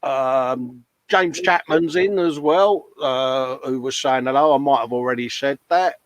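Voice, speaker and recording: A man's voice: mid-range voice, unhurried, no echo. A man hosting a live modelling show, chatting casually, reading out viewer comments and calling everyone mate. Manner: chatty, matey, laughs often.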